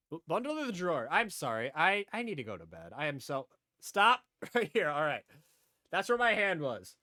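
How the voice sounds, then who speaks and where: A man's voice: mid-range voice, pushed and bright, dry recording, studio quality. A man streaming live, chatting casually and rambling as he talks to viewers, repeating himself often. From upstate New York.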